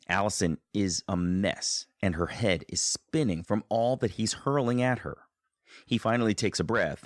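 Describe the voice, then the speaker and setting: A man hosting a podcast, narrating a guest's story in a measured, scripted way. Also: low voice, no echo, studio quality. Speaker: podcast host.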